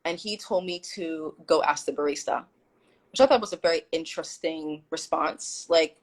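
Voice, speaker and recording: A woman's voice: deep voice, normal speed, poor audio. A woman guest on a live stream telling a story animatedly and emphatically, quoting what people said. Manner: animated, emphatic retelling with quoted dialogue. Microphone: phone or video call.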